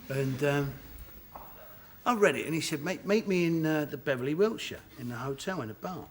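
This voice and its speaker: A man with a Cockney accent, a talk show guest telling animated stories and laughing often in a television studio. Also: on the high side, moderate pace, slight background noise. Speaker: guest actor.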